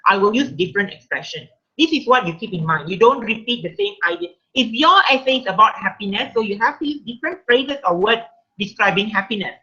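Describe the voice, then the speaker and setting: A woman's voice: a little high, sing-song, quick pace, bright, forceful tone, slightly rough, highs cut off. A woman with a Malaysian English accent teaching an online writing workshop, checking in with "okay" as she reads example sentences aloud.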